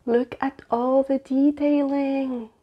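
A woman's voice: sits high, little pitch movement, slow, highs cut off. A woman book vlogger talking through an unboxing, gushing with frequent gasps and exclamations. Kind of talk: unboxing vlog chat.

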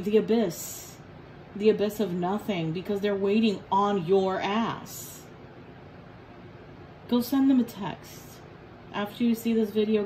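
A woman giving a casual tarot reading in a blunt, profane, joking way. Her voice sits at a middling pitch for a woman. Faint room noise hums behind her. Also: a little mellow, rough recording. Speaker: tarot reader.

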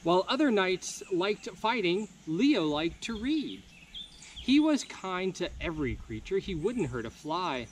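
A young man reads a children's picture book aloud at an unhurried pace. His voice sits high and swings up and down a lot, warm storytime delivery with a lively lilt. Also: a little hiss or hum. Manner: expressive, slow storybook reading. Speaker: camp counselor.

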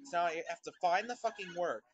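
A man commentating over his own gameplay, ranting in constant profane exasperation at a slow game. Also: sits high, lo-fi sound, background noise. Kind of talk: let's play commentary. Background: video game music.

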